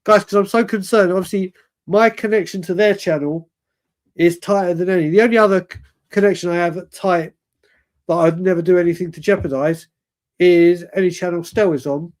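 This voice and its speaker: Man, 40s, high voice, animated rambling storyteller for a fan chat show. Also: brisk. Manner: rambling, animated, self-correcting.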